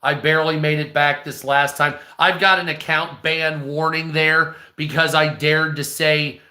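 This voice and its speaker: A man with a hoarse, strained voice, talking bluntly and profanely in a rambling vlog monologue. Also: a little high, little pitch movement, unhurried, pushed and bright, echoey room. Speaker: online video creator. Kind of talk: casual ranting monologue.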